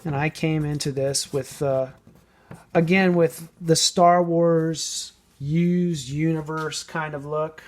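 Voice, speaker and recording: A man casually explaining a painting technique as he works, thinking aloud and sometimes trailing off softly. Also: a little high, steady tone, slow. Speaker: model painting tutor. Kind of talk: casual hands-on painting tutorial.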